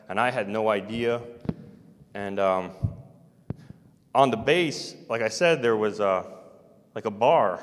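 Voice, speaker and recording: Rambling man in a reverberant hall. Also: lowish voice. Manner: halting, with many fillers and restarts. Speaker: storyteller recounting personal experiences. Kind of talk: rambling first-person account.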